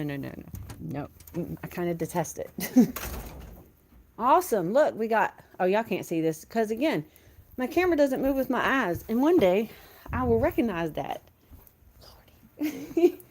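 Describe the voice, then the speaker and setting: A woman's voice: on the low side, darkish tone, slight background noise. A woman, chatting casually on a livestream from her home kitchen, laughing often. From Southeastern Virginia. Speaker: vlogger.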